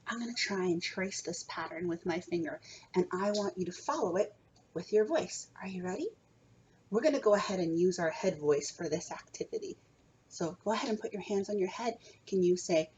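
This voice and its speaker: A woman's voice: on the low side, fairly quick, darkish tone. A young woman teaching a remote kindergarten music lesson from home, coaxing small children with a sing-song manner.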